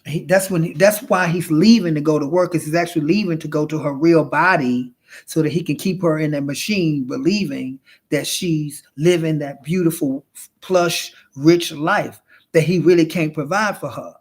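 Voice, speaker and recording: A flamboyant man retelling a film in a loose, chatty monologue, with a voice on the higher side for a man. He rambles, restarts and swears freely, and keeps calling his listener honey and child. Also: normal speed, husky. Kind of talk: casual storytelling monologue.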